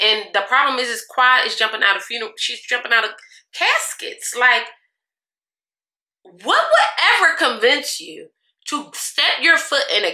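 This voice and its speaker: A young woman beauty vlogger with a fairly high, pushed and bright voice chats sassily to her viewers as she gets ready, laughing often. It's a casual get-ready-with-me talk recorded in an echoey room.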